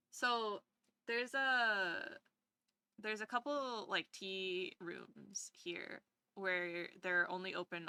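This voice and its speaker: Bright, rambling woman streamer. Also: lowish voice, clean tone, no room sound. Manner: rambling, swears, animated. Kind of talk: casual livestream chat.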